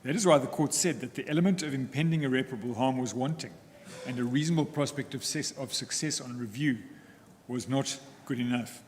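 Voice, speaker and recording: Man, courtroom counsel, formal and deliberate, echoing hall. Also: mid-range voice. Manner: measured, deliberate, formal, with frequent pauses. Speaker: counsel for the applicants. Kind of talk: formal legal argument in court. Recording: echoey courtroom with faint ambient noise.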